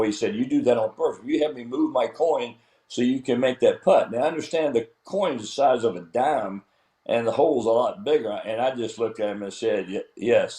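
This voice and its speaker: A man's voice: lowish voice, a little mellow, roomy sound, poor audio. An older man speaking as an interview guest, telling stories in a blunt, plainspoken way. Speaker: guest, retired golf pro. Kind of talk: casual interview.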